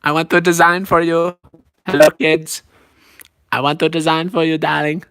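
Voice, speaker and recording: A man's voice: fairly high pitch, level tone, moderate pace, a bit bright, clear, resonant tone. A man doing an impression of a flamboyant tiny female fashion designer from a cartoon, in a dramatic, gushing voice.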